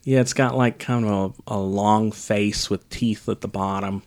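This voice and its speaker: This man co-hosts a laid-back podcast and reviews a film in a sarcastic, meandering chat full of ums. He speaks at a measured pace in a lowish voice whose intonation stays fairly even.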